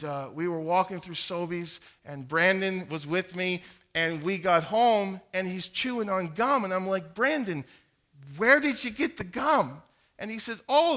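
A man's voice: high-pitched, bright, forceful tone. A middle-aged man preaching earnestly, teaching how to share the gospel, reciting King James verses and stumbling on repeated words. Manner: earnest, repeats words when starting sentences. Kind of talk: evangelism teaching talk.

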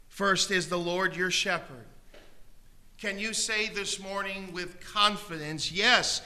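A man pastor preaching a sermon in a church auditorium, telling a story with gentle humor and then gently pleading with listeners to raise their hands for prayer. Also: high voice.

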